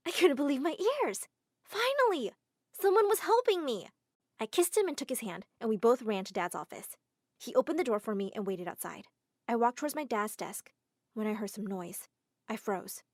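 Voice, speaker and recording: A woman with a fairly high voice tells a first-person animated story, dramatic and quick to exclaim. Her voice is recorded close and dry, with no room sound. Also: no echo. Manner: dramatic, exclaiming, quick shifts to emotional outbursts. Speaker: narrator.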